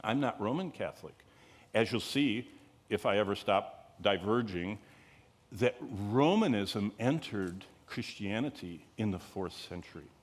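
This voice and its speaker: Animated yet unhurried, a man teaches a live group about the Bible in a conversational lecture. He digresses frequently, puts rhetorical questions to his audience, and emphasizes key words by lifting them higher.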